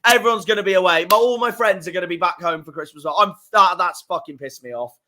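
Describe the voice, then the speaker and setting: A young man streaming live, reacting to football fixtures, swearing and fuming with loud outbursts. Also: sits high, fast talker, slight background noise. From England. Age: young adult.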